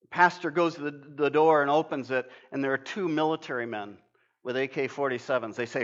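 An older man with a medium-pitched voice preaches a sermon at a fairly quick pace. Earnest and emphatic, he tells stories and often restarts his sentences. The recording is dull and lo-fi.

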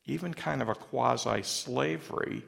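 A man preaching a sermon in a halting way, often repeating words as he starts a phrase. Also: medium pitch, creaky, fairly bright tone. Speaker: pastor.

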